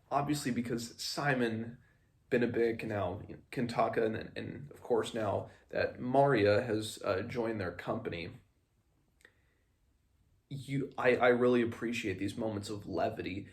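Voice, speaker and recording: A man's voice: medium pitch, fairly even intonation, measured pace. A man hosting a casual book discussion podcast, rambling through a chapter with fillers and self-corrections. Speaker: podcast host.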